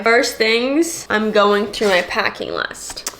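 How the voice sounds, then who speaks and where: A young woman chatting casually to camera in a packing vlog, playful and quick to laugh, recorded at home. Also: mid-range voice, fairly bright tone, a little hiss or hum. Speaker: vlogger.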